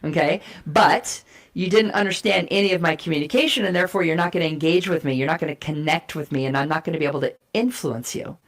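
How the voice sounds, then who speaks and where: A woman guest giving an energetic, persuasive talk on communication styles and acting out short role plays to make her points. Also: low-pitched, fast. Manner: energetic, persuasive, emphatic teaching. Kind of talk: animated explanatory talk with role play.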